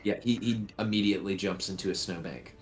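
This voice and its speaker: A man narrating as game master for a tabletop game, relaxed and halting with many fillers. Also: sits low.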